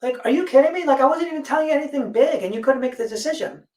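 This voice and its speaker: Blunt, cursing woman guest, voice high-ish, echoey distant call audio. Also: rapid-fire. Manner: blunt, profane, animated storytelling. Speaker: panel guest. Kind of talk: casual discussion. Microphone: video call. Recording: echoey room, distant mic.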